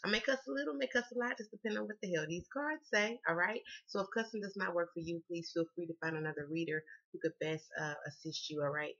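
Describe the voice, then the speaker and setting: A Southern American woman with a Southern accent does a casual tarot reading to camera, chatty, slangy, and swearing freely. Her voice is lowish and a bit bright, and she talks fast with hardly any pauses, recorded in lo-fi sound.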